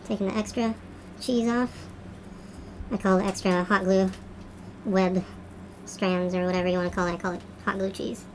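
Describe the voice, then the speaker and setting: A woman's voice: medium pitch, level tone, normal speed, long pauses, slight background noise. A woman art teacher giving a craft tutorial, chatting and thinking aloud as she works.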